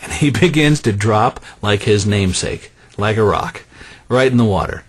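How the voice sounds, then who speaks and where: A man preaching a sermon in an animated, conversational way, dropping soft and low on key phrases. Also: normal speed, husky.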